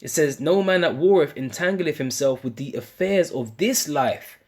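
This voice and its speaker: A man's voice: on the high side, expressive, normal speed, darkish tone. A British man preaching an informal sermon, speaking in casual slang with many restarts and ending phrases with "man". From United Kingdom. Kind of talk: informal street-style sermon.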